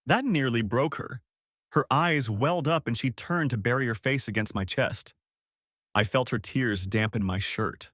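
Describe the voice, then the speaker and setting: A man narrating a first-person revenge story in a measured, wry storytelling manner, recorded close to the mic. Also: lowish voice, expressive, fairly bright tone, no room sound.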